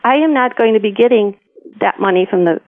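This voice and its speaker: A woman's voice: mid-range voice, fairly quick, dry recording. An older retired woman on a phone call who sounds upset and indignant and stammers over her words. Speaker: prank call target. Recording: tinny phone line.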